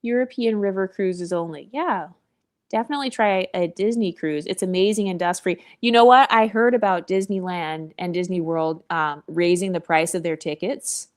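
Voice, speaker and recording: A woman's voice: lowish voice, moderate pace, darkish tone. A woman vlogger giving blunt, opinionated commentary, sassy and profane, with mocking asides.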